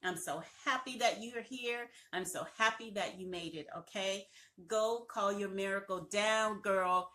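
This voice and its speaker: A woman's voice: medium pitch, a little slow, pushed and bright. A woman branding coach giving an emphatic, repetitive, encouraging motivational talk on a live stream.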